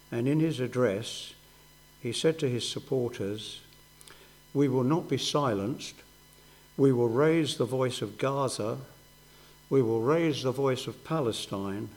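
A man's voice: medium pitch, darkish tone, rough recording. A man preaching a sermon, earnest, asking rhetorical questions and rising in emphasis.

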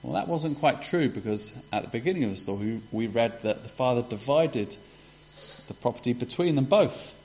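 The clip, dull and lo-fi, features a preacher giving a children's talk. With a mid-range, animated voice at a moderate pace, he retells a parable to the congregation conversationally, asking rhetorical questions along the way.

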